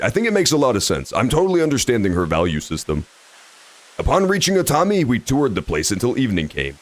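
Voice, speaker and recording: A man streaming a video game, joking and swearing while reading the story aloud. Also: medium pitch. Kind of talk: casual game commentary.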